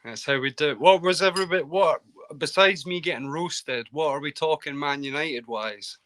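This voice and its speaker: A man's voice: on the high side, moderate pace, bright, forceful tone, slight background noise. A Scottish man calling in to a live football stream, chatty and self-deprecating, stumbling over his words. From Scotland. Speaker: caller. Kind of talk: casual football chat. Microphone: video call.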